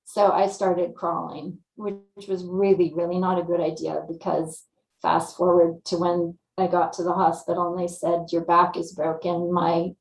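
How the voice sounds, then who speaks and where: A woman from California, a guest telling her story in a lively, casual way and acting out her own thoughts. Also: on the low side, unhurried, roomy sound, rough recording. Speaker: interview guest.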